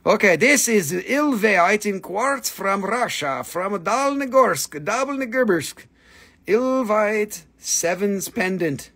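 High-voiced joking man selling crystals live. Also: expressive, takes it slowly, a bit bright. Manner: joking, playful, breaks into silly voices. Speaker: live-stream crystal seller. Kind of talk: casual live sales stream.

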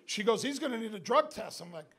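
A middle-aged man from upstate New York doing stand-up, telling a story in a profane, animated way and shouting the punchlines. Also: sits high, quick pace, noisy background. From Binghamton, New York. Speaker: stand-up comedian. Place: comedy club stage with live audience. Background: audience laughter.

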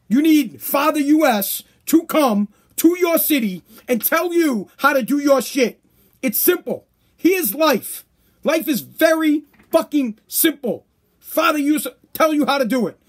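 High-voiced man ranting on a podcast. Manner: ranting, profane, sarcastic. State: tired, voice worn out. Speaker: podcast host. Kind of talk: casual profane monologue.

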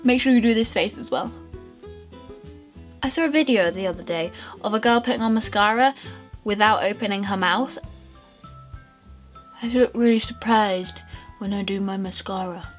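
Here the beauty vlogger speaks in a mid-range voice at normal speed, leaving long pauses, with faint music in the background. She talks casually through her makeup routine, bubbly, rambling and poking fun at herself.

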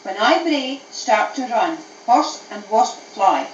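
A woman voicing a clever grey donkey in a storybook, talking in a brisk, coaxing way, heard from an old cassette tape. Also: a little high, very animated, a little hiss or hum. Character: wise cheeky grey donkey. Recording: echoey, distant, dull old cassette tape.

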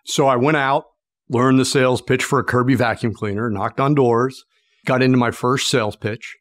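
A man's voice: medium pitch, steady tone, normal speed, a bit bright, no room sound, clean studio sound. A middle-aged man from Pennsylvania, a sales expert telling a long story in an interview and acting out the people in it.

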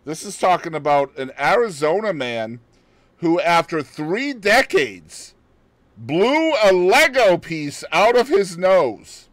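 A male podcast co-host chats casually, reading a news story aloud and breaking off for laughs and joking remarks. His voice sits somewhat high and moves through a wide, animated range. The sound is dry and close, with no room echo. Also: slow.

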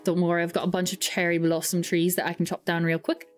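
Fast and level in tone, a lowish female voice rambles through stories on a casual gaming stream, putting herself down and using lots of fillers. The speaker is a young woman, and faint music plays behind her.

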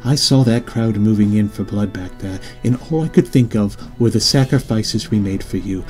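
A man's voice: fairly low pitch, normal speed, a little mellow, faint music behind, natural voice. A man voicing a worried, insistent middle-aged mother in an audiobook, with pleading, scolding emphasis. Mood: urgent scolding. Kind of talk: audiobook character reading.

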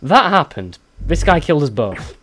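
Excitable young British man gaming. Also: fairly high pitch, normal speed, a little hiss or hum. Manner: excitable, blurting, swearing, self-mocking. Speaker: let's play gamer. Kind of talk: casual gameplay commentary. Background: game music.

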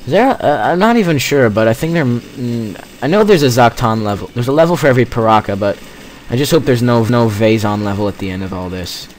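Lively teenage boy gaming commentator. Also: mid-range voice, a little fast, a little hiss or hum. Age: teens. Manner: rambling, jokey, self-mocking asides. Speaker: let's play gamer. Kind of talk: gameplay commentary.

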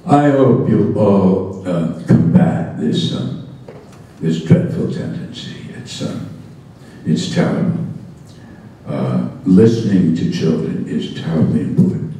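A man's voice: low voice, very animated, takes it slowly, warm tone. A man giving a talk about education to an audience, telling stories in a wry, amused way, recorded from a distance in an echoey hall. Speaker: education speaker.

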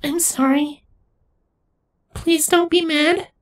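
A woman voicing a small male changeling nymph child who speaks softly and hesitantly. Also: high-pitched, very slow, full character voice. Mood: guilty. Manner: hesitant, guilty and soft-spoken.

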